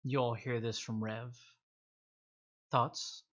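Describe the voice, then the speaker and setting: A man's voice: mid-range voice, little pitch movement, fairly bright tone. Guy running a tabletop game, kinda stuffy rusty voice, draws out the spooky bits, muffled lo-fi mic. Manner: slow, suspenseful descriptions with fillers and restarts. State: stuffy, slightly rusty voice from sinus trouble. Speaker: game master.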